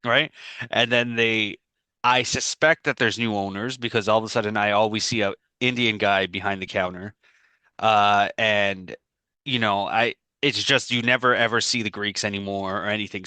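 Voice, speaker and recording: A man with a bright, forceful voice chats on a podcast, rambling through an anecdote and breaking into laughter. He sounds close and dry over his video-call mic, with no room sound around him. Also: lowish voice, clean tone, no room sound. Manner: rambling storytelling, quick to laugh. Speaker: podcast co-host. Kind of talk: casual podcast chat.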